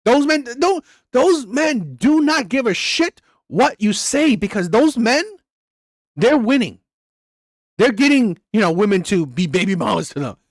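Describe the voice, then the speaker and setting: Brief: male reaction host, high lively voice, blunt crude rant, dry close sound. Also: a little slow, dry recording. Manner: blunt, crude, repetitive and heated. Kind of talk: ranting commentary on a played clip.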